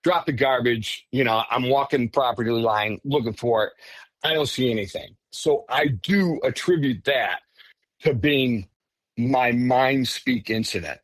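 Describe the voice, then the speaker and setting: A man telling his own story as a podcast guest in a casual, animated way, often breaking off and restarting. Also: mid-range voice, unhurried, dry recording. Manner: animated, self-interrupting, says "frickin'". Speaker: podcast guest recounting encounters.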